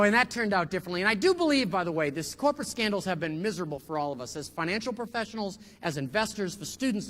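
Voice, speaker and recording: The big-room acoustics frame a middle-aged professor's comic keynote, where his high-pitched voice tells lively stories and jumps to loud voices to land punchlines.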